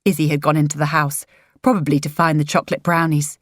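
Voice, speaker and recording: Low-voiced woman narrating a story. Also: fairly even intonation, no room sound, studio quality. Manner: gentle, measured, does character voices. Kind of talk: audiobook narration.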